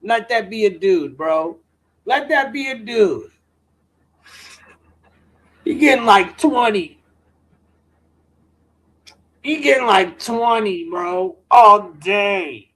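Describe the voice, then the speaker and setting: A man's voice: high-pitched, lively intonation, slow pace, pauses often, fairly bright tone. A man hosting a live stream, telling rambling stories with lots of swearing and slang. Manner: profane, slangy, rants full of "bro" and "dude". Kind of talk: casual rambling storytelling.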